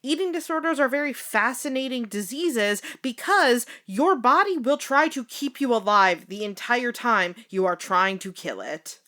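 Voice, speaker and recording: A young woman co-hosting a casual podcast chat, explaining history in a relaxed, joking way and laughing easily. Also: a little high, normal speed, hardly any pauses. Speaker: podcast co-host.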